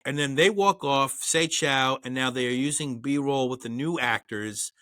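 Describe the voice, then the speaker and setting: A man's voice: mid-range voice, a little slow, sharp tone, no room sound. A man co-hosting a podcast, walking through an old film's scenes in casual, wry, profane chat. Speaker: podcast co-host. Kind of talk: casual film review chat.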